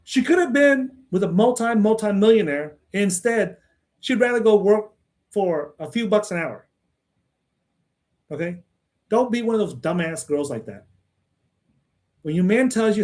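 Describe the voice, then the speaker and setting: A man's voice: sits high, animated, a little slow, pauses often, darkish tone. Brash, blunt man on a livestream. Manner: repeats "man" and "okay?" as tags. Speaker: livestream host. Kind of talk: casual livestream monologue.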